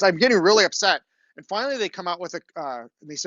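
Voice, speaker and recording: Middle-aged man, chatty lecturer, slightly high voice, checks in with "okay?", dry classroom capture. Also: expressive, a little fast, sharp tone, dry recording, dull audio. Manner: chatty storytelling, frequent "okay?" check-ins. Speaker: university lecturer.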